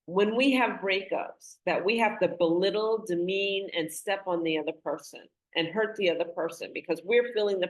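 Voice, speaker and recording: A woman's voice: lowish voice, low-quality recording. A woman hosting an interview who reflects and shares her own experience. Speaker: host. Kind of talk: interview conversation.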